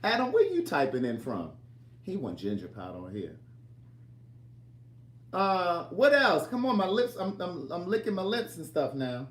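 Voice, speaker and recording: A man's voice: high-pitched, huge pitch swings, moderate pace, reverberant. A man hosting a casual cooking livestream from his home kitchen, chatting and teasing viewers as he reads their comments aloud.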